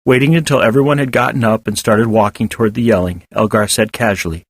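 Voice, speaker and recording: A man narrating a serialized children's story as an audiobook with expressive storytelling. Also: fairly low pitch, fast, few pauses, breathy edge, dry recording, studio quality. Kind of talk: audiobook reading of serial fiction.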